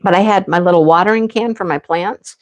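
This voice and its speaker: A woman's voice: on the low side, fairly quick, a little hiss or hum. A woman hosting a casual live stream from home, chatting and telling stories with frequent laughs. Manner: chatty, laughs often, rambling storytelling. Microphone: camera on tripod.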